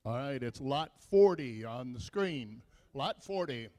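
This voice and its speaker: A man's voice: mid-range voice, animated, unhurried, darkish tone, big-room sound. A man auctioneer with a Midwestern American accent, calling bids in a rolling chant with filler syllables.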